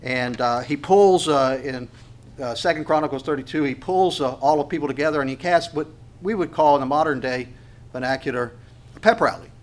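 A man's voice: a little high, fairly quick. A male pastor giving a conversational Bible teaching, full of fillers and restarts, with wry asides and sharper emphatic bursts on key points.

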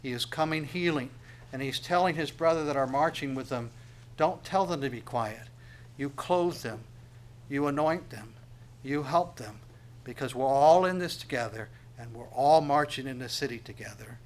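A man preaching a sermon. He reads verses aloud slowly, then explains them in a plain conversational tone, swinging between loud emphatic reading and quiet asides. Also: medium pitch.

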